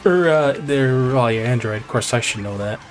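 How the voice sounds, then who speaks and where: A man chats casually to his viewers as he plays, telling a rambling, exasperated story peppered with mild swearing. His voice sits at an ordinary middle pitch, and faint video game music plays in the background. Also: expressive, moderate pace. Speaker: gaming live streamer. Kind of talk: casual chat while playing.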